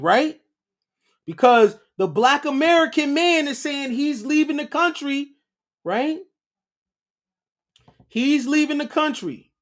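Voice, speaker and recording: A man's voice: extremely high pitch, fairly bright tone. A man hosting a casual livestream, lecturing his viewers with a preachy run of rhetorical questions and repeated "right?" checks. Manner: slow and deliberate. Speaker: livestream host.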